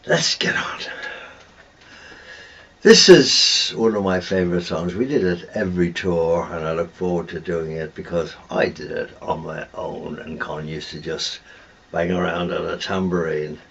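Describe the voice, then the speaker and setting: An older man hosting his own show in a chatty, relaxed way. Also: low-pitched, normal speed, vocal fry, slightly rough, dull audio. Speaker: host. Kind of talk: casual chat.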